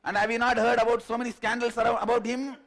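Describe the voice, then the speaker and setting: A man's voice: level tone, fairly bright tone. A man voicing a nagging young girlfriend who fires off angry questions on the phone. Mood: scolding. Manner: shrill rapid-fire scolding questions.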